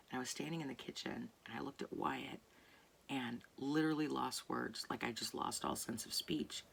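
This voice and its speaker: A woman talking casually to camera late at night in a soft voice that often drops to a near whisper, rambling and searching for words. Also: rumbling low, gravelly, slight background noise. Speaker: artist vlogger. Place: home at night.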